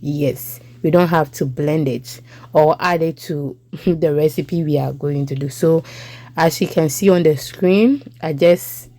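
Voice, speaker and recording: A woman's voice: sits low, a little slow, mellow. A young Ghanaian woman with a Ghanaian English accent, chatting through a cooking voice-over as a home cook and checking in with listeners.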